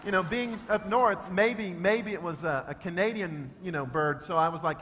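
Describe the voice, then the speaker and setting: A male pastor telling a comic story in a sermon, shifting between loud shouts and hushed low talk. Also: normal speed, few pauses, a little hiss or hum. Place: church sanctuary. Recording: long reverb of a church hall.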